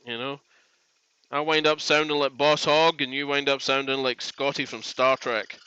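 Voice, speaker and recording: A man's voice: mid-range voice, flat delivery, moderate pace, pushed and bright, clean tone, no echo, muffled recording. A man hosting a woodworking live stream, chatting in a rambling, joking way from his workshop. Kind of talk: casual live stream chat. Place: home workshop.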